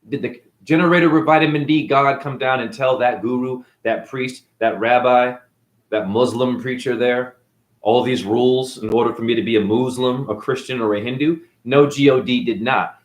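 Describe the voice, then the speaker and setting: A man as a spiritual teacher, ranting in a defiant, preachy way, swearing and tossing out mocking asides. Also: mid-range voice. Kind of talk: unscripted spiritual rant. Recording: echoey room.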